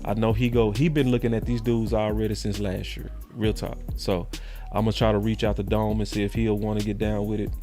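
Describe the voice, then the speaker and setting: A man's voice: fairly low pitch, flat delivery, brisk, mellow, faint music behind. A man hosting a sports podcast, talking in a heated, slangy, repetitive way. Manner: fired-up, slangy, repeats himself. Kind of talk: heated casual sports talk.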